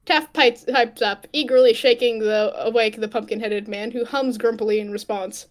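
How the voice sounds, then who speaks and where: A woman's voice: a little high, steady tone, normal speed. A woman narrating her own fanfic aloud, playful and teasing with her friends between lines. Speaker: narrator and fic author. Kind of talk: casual fanfic reading with friends.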